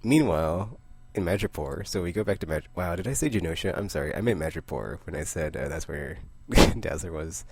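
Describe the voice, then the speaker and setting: A young man chatting casually about the comics he picked up this week, rambling with asides and short laughs and acting out the characters in quick voices. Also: sits low, animated, darkish tone, slight background noise. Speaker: comic book vlogger. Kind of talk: casual comic book review.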